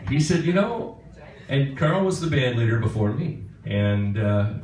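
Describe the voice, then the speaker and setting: A guitarist telling a rambling, chuckling story on stage. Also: male voice, mid-range voice, lively intonation, moderate pace. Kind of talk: onstage anecdote. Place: concert stage. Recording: echoey hall, far from mic, noisy.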